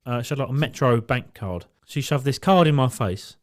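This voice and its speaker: A man's voice: mid-range voice, expressive, moderate pace. A man co-hosting a podcast, telling a story in casual chat and swearing freely. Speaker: podcast co-host.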